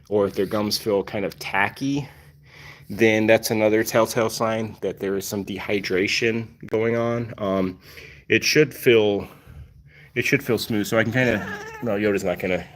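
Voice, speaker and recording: A man hosting a casual livestream, explaining things in a rambling way full of fillers and restarts. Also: on the low side. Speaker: cat channel host.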